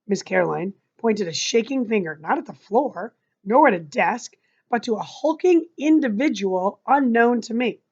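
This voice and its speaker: A woman's voice: on the high side, animated, normal speed, darkish tone, husky. A woman reading a novel aloud expressively, adding chatty asides to her listeners. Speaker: reader. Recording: dull lo-fi recording.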